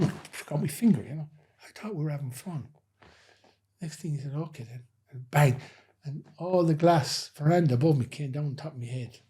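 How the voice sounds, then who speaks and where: Husky man telling stories. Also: on the high side, a little fast, darkish tone. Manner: rambling anecdotal telling, frequent "you know". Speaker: former nightclub head doorman, guest. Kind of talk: casual interview storytelling.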